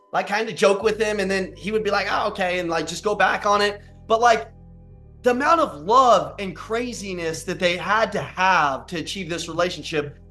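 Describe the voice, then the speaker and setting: Before an audience in a large room, a man gives an emotional, earnest motivational talk, repeating lines for emphasis. His high-pitched voice sounds pushed and bright. The recording is roomy and distant, with faint music.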